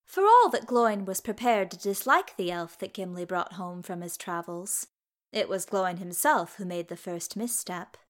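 A woman narrating a fantasy story in a calm, even storytelling manner, speaking the characters' lines gently within the narration. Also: fairly low pitch, normal speed. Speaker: narrator reading fan fiction. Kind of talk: scripted audiobook narration.

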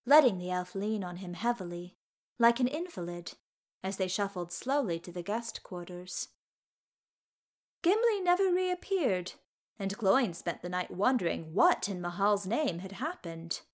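A woman reads a fantasy story aloud in a calm, steady narrating voice. Her pitch sits in the middle of the range, and she speaks the quoted lines gently as part of the telling. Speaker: narrator reading fan fiction. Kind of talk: scripted audiobook narration.

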